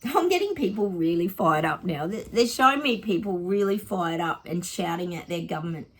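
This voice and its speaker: A woman's voice: fairly low pitch, animated, normal speed. An Australian woman psychic chatting casually to her viewers in a rambling vlog reading.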